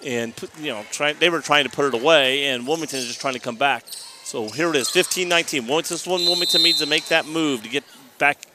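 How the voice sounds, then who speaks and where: A man calls a high school volleyball match live in a slightly high voice, rambling and chatty, often restarting his sentences. Bouncing balls and crowd murmur from the gym fill the noisy background. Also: fast talker. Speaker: play-by-play commentator. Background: gym noise, balls bouncing.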